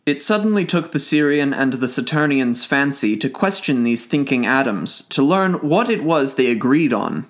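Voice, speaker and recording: A man reading a classic novella aloud as an audiobook narrator, in an even, clear storytelling manner. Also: mid-range voice, moderate pace, few pauses. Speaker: audiobook reader.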